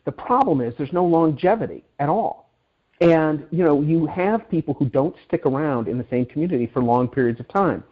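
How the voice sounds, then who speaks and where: Man, middle-aged, interview guest, animated, stumbling restarts, higher-pitched, muffled lo-fi sound. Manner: animated, many quick restarts and repeated words. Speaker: guest author. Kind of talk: interview storytelling. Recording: dull lo-fi audio.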